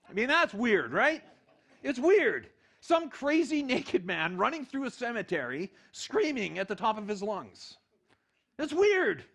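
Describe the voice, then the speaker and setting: A middle-aged male pastor preaching a sermon, telling the story in an animated way and acting out the quotes. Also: extremely high pitch, measured pace, breathy edge.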